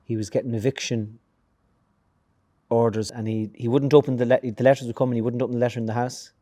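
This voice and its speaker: A man's voice: mid-range voice, flat delivery, fast, mellow, no echo, clean studio sound. A middle-aged Irish man hosting an interview, chatty and telling anecdotes with laughter. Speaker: host. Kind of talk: conversational interview.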